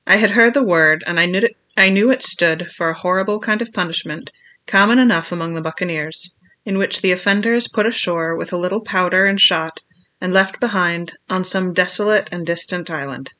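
A reader telling a classic adventure story in the first person, with a measured, steady delivery. The voice is bright and sits at a middle pitch. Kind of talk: scripted narration of a classic adventure novel.

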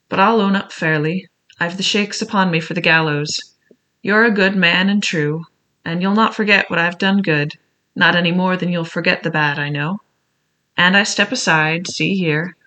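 A cunning old pirate cook on a crutch, played by an audiobook reader, talking in rough seafaring speech, pleading one moment and bold the next. The voice is bright and clear, with a wheedling edge. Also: male voice, sits high, moderate pace.

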